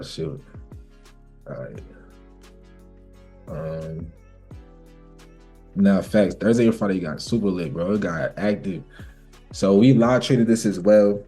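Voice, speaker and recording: A man's voice: deep voice, warm tone, breathy edge. A young man teaching a casual live trading class as a mentor, talking in a slangy, rambling way. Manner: slangy, rambling, talks back and forth with himself.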